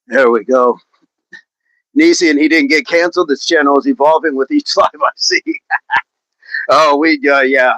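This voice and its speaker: A man's voice: medium pitch, normal speed, pauses often, fairly bright tone, no echo, poor audio. A man leading an outdoor workout livestream, joking with viewers and laughing often in casual chat. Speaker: fitness coach leading a live workout.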